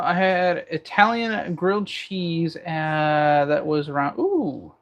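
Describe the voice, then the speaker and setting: A man's voice: a little high, expressive, takes it slowly, hardly any pauses. A man hosting a casual livestream from his kitchen, cooking as he talks and joking through viewer comments. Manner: jokey banter, reading viewer comments aloud. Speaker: livestream host.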